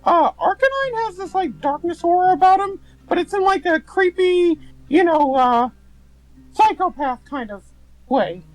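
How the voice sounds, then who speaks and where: A woman voicing Bob, a laid-back young man who talks in blunt, slangy, drawn-out phrases. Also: very high voice, lively intonation, faint music behind, voice pushed up, low-quality recording. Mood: chatty.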